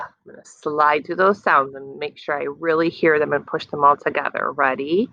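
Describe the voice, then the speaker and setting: A woman teacher leading a phonics lesson for young children, stretching words out slowly and praising their answers. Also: low-pitched, fairly even intonation, bright, forceful tone, no room sound, dull audio. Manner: slow, drawn-out sounding of words, encouraging.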